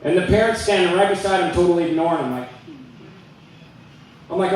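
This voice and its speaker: A man performing a stand-up comedy set on a club stage, telling jokes in a loose, conversational way with quick voiced asides. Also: high-pitched, slight background noise. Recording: echoey room, mic at a distance.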